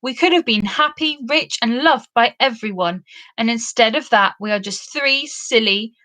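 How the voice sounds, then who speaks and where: A woman voicing a fretful young male pixie in a storybook reading, high and plaintive. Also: moderate pace, sharp tone. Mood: rueful.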